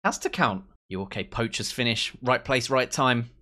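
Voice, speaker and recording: A young man commentating on his own football management game, excitable, cheering his team and mocking rivals. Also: medium pitch, normal speed. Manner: excitable, swears and mocks players. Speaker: let's play host.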